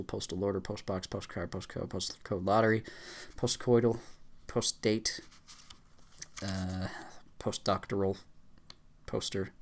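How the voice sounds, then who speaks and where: A man with a somewhat low voice races through a long list of words as a YouTuber. He stumbles over some of them and restarts, pushing on without pause. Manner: rattling off words fast, stumbling with fillers and restarts. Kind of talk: rapid word-list reading.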